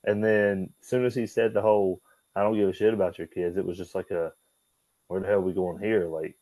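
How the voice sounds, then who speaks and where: Casting: man, low dark voice, animated storyteller, dry close sound. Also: dry recording, rough recording. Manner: animated, profane, acts out dialogue with voices. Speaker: guest, former wrestler. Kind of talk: casual storytelling interview.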